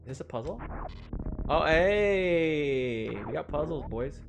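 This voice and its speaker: A man's voice: mid-range voice, fast talker, gravelly. A young man streaming a game from home, telling a long story in a rambling, casual way, full of "like" fillers and chuckles. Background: game music.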